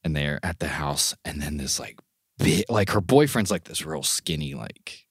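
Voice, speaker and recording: A man co-hosting a podcast in casual chat, an animated storyteller who swears a lot and acts out what people said. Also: rumbling low, normal speed, slightly rough, dry recording, clean studio sound. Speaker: podcast co-host.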